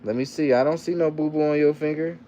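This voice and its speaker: Fast and fairly even in intonation, his slightly high voice carries a dark tone over slight background noise. The man is hosting a casual livestream, reading comments aloud in repetitive loose slang while playfully coaxing his child.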